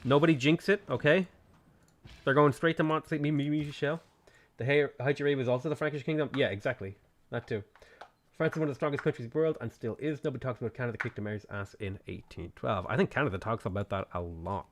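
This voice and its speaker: A man's voice: medium pitch, fast, a little hiss or hum. A man streaming a strategy game, chatting casually and answering viewers' questions. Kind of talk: casual gameplay commentary.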